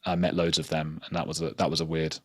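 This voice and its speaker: A man's voice: very deep voice, monotone, fast, dry recording, studio quality. A man, a journalist guest telling stories in a rambling, self-deprecating way full of "like" fillers. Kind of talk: casual storytelling in an interview.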